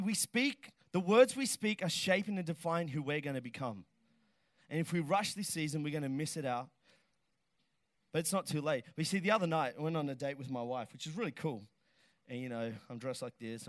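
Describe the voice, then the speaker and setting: A middle-aged man preaching a lively sermon, animated and joking, often shouting to stress a point. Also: mid-range voice, no echo. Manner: animated, shouts for emphasis, jokes with the crowd. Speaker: pastor.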